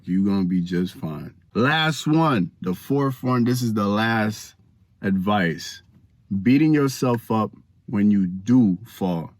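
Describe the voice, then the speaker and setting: A man giving casual faith advice to the camera, animated and slangy, talking straight to viewers. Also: fairly low pitch. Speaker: Christian vlogger giving advice.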